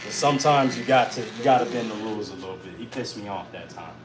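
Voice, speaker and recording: A fairly low-pitched man talks quickly as he hosts a casual talk show, telling stories full of swearing and animatedly acting out his own shouting. The audio is reverberant and very noisy.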